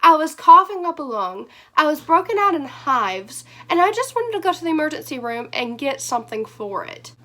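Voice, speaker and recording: A young woman vlogger with a high, bright, hoarse voice. She rambles through her story, animated and full of fillers. Her telling is quick and energetic. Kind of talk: storytime vlog.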